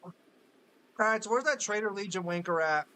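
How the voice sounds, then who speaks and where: A man streaming a game, talking in profane, animated banter while mock-arguing with friends. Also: high-pitched, moderate pace. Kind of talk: casual gaming banter.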